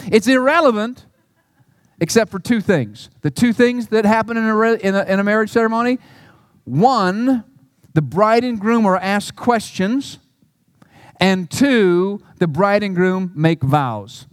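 High-voiced pastor, earnest sermon. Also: male voice, big pitch swings, a little slow, no echo. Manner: earnest, swings between emphatic peaks and soft low asides.

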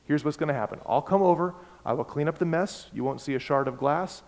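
A man voicing a calm, responsible mother who promises to fix things, in a sermon. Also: on the high side, a little fast, close to an everyday voice. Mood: reassuring. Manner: firm, reassuring. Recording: long hall reverb.

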